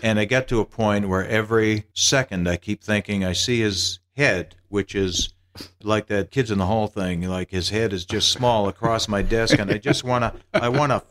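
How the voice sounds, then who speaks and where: A man's voice: on the low side, normal speed, a bit bright. A man who is a guest on a podcast, telling meandering, self-deprecating stories in casual conversation. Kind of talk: casual anecdotal storytelling.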